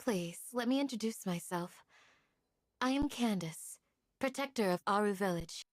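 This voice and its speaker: Candace, a dutiful village guardian in a game, speaks formally and politely in a calm, composed voice of middle pitch, as a woman voices her. Her tone is steady and courteous. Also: moderate pace, no room sound, studio quality, natural voice. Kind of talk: video game voice acting.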